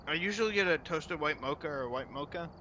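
A man joining a game stream as a guest, chatting in a relaxed way and swearing casually. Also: a little high, fast talker, lo-fi sound, a little hiss or hum. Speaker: guest player. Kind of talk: casual chat while gaming.

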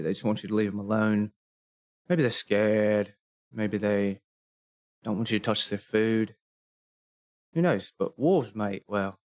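A man voicing a cocky young adventurer who talks in slang, calls people mate and makes veiled threats. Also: fairly low pitch. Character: cocky young male adventurer, quietly menacing.

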